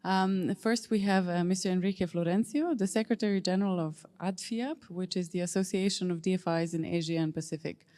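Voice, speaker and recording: Female moderator; lowish, warm voice, polite and a bit hesitant. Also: fairly even intonation, a little fast, hardly any pauses. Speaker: panel moderator. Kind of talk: moderating a conference panel.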